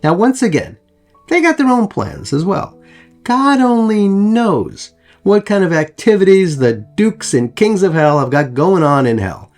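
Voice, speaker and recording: A man's voice: high-pitched, sing-song, unhurried, darkish tone, faint music behind. A man hosting a history channel, narrating over photos in a chatty way with joking asides to the viewers.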